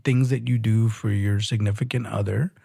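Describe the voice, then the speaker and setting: A man's voice: fairly low pitch, fairly even intonation, normal speed, vocal fry, dark tone, husky, dry recording, clean studio sound. A man with a Southern US accent co-hosting a casual relationship chat, joking and laughing often. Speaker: podcast co-host.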